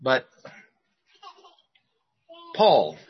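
A man's voice: mid-range voice, huge pitch swings, very slow, breathy edge, muffled recording. A man preaching a sermon who asks rhetorical questions and repeats his phrases for emphasis.

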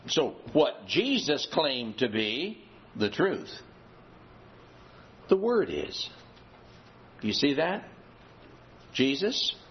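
Guy preaching slow n emphatic, voice goes way up and down, kinda dull audio. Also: medium pitch. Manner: emphatic, rhetorical questions, slow deliberate delivery. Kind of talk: sermon. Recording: slightly dull audio with faint background noise.

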